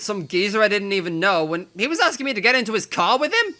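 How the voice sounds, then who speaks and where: A young man with a northern English accent reading a visual novel aloud, animated and self-mocking. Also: high voice, quick pace. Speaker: let's player.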